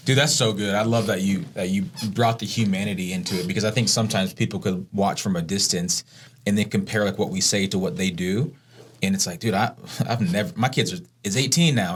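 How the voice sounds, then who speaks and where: Male co-host, 40s, very deep, relaxed and affirming, reflective. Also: slight background noise. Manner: affirming, reflective, says "dude" often. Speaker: podcast co-host. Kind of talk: casual podcast conversation.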